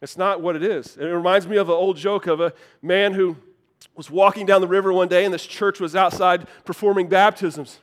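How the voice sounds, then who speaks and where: Man, high-pitched voice, pastor preaching a sermon, animated storyteller, repeats points for emphasis. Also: brisk.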